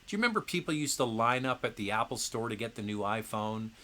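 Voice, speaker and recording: A middle-aged man hosts a casual live question-and-answer stream. His voice sits at an ordinary pitch but sounds bright and forceful. He talks in a chatty, opinionated way, often restarting sentences with "uh" and "um.". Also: lively intonation, fast talker. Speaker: host answering viewer questions. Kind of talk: casual livestream Q&A.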